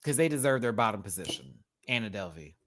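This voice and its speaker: A man's voice: fairly low pitch, big pitch swings, a bit bright. A man from Houston, hosting a live reaction stream with sassy, campy asides. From Houston, Texas. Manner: sassy and campy, quick asides and frequent laughter. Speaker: host of a live reaction show. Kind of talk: casual livestream commentary.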